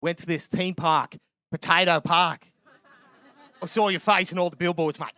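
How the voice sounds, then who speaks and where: A man's voice: fairly high pitch, fairly even intonation, normal speed, sharp tone. A man voicing a blunt, mocking Australian man with an Australian accent, in a stand-up set.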